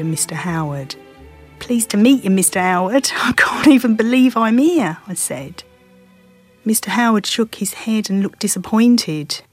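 A woman's voice: fairly low pitch, darkish tone. A middle-aged woman from London with a Cockney accent, telling a first-person story in a wry, self-mocking way. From London, England.

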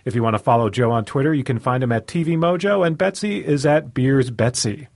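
A man's voice: mid-range voice, lively intonation, a little fast, gravelly, a little mellow, dry recording. A man hosting an interview podcast in a radio studio, asking questions in a friendly way. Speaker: podcast host.

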